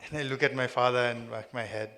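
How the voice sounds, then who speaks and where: Man with Nepali accent, middle-aged, quick delivery, bright voice, lively stage storytelling. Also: mid-range voice. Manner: lively storytelling, mixing in acted quotes. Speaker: public speaker. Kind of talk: storytelling speech to a live audience.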